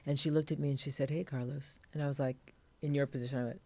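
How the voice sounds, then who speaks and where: Gravelly, animated woman telling stories. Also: extremely low pitch, quick pace, no echo. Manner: animated storyteller, acts out quotes. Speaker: interview guest. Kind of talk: casual interview chat.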